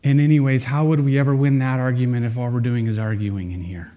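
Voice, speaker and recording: A man preaching a sermon to his congregation, earnest, with dramatic pauses and swings in loudness. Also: mid-range voice, steady tone. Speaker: pastor.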